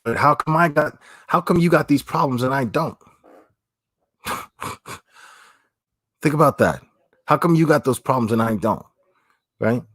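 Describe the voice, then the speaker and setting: A man's voice: mid-range voice, animated, a little slow, pauses often, fairly bright tone, no echo, studio quality. A man hosting a livestream, talking bluntly and opinionated, swearing and repeating phrases as he reads chat. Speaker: livestream host.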